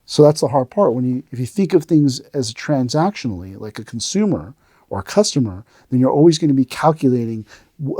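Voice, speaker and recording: Middle-aged male aikido teacher, podcast host, lively storyteller who acts out quotes; mellow tone, dry close sound. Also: mid-range voice, dry recording. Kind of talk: casual podcast chat.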